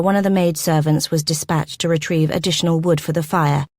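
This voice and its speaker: Woman reading a romance audiobook, lowish voice, dry close sound. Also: darkish tone, dry recording. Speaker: audiobook narrator. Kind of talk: scripted narration.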